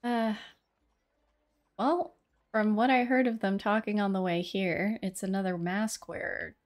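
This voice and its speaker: A woman playing a tabletop game, speaking quietly and wryly. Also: mid-range voice, fairly even intonation, a little slow. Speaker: player. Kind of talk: casual tabletop play.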